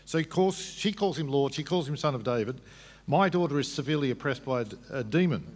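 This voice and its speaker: A man's voice: mid-range voice, animated, fast, darkish tone. A man at a public debate, explaining scripture patiently, with frequent restarts. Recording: long hall reverb.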